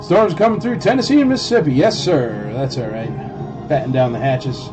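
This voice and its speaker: A man's voice: medium pitch, normal speed. A man hosting a casual livestream toy auction, chatting and joking with bidders and greeting them by name. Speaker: live auction host. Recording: dull lo-fi stream with loud music.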